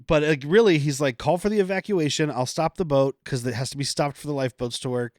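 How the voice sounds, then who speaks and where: A man's voice: a little high, quick pace, no room sound, clean studio sound. A man co-hosting a podcast, retelling a movie's plot in a rambling, joking way. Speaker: podcast co-host. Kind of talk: casual comedic movie recap.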